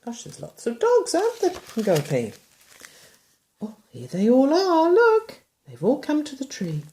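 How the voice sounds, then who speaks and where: A woman reads a picture book aloud to a small child, unhurried and drawn out. Her voice rises in bright exclamations and drops into soft murmured asides. She keeps stopping to point at the pictures and ask the child questions. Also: high voice, wildly swooping pitch. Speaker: reader to a child.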